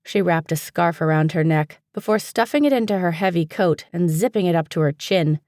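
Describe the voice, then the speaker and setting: A woman narrating a fantasy audiobook in a steady, even storytelling manner, recorded on a close studio mic. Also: fairly low pitch, fairly quick, no room sound. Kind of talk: scripted narration.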